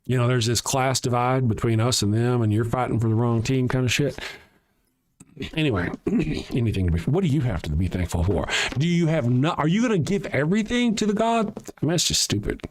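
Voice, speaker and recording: A man hosts a livestream on his own, reading viewer comments and firing back with sarcasm and plenty of swearing. His voice sits at an ordinary middle pitch, and he talks in a loose, conversational way into a desk mic. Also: animated, fairly quick. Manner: blunt, sarcastic and profane, argues with chat. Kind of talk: casual livestream rant.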